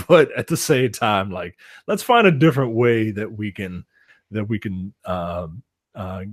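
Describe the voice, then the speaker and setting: A man's voice: lowish voice, animated, a little slow, dry recording, studio quality. A man co-hosting a casual wrestling chat, rambling and swearing, full of "like" and "man". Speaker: wrestling podcast co-host.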